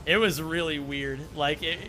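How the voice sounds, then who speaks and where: A man's voice: fairly high pitch, steady tone, normal speed, music in the background. A young man speedrunning a game, rambling through a funny story with frequent laughs and casual swearing. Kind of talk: casual chat while gaming.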